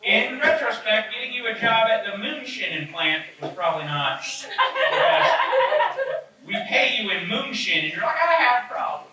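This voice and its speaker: A man running a live comedy tabletop game as game master, chatty and joking with quick asides. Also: high-pitched, animated. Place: comedy club stage. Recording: echoey club from far off, noisy. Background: audience laughter.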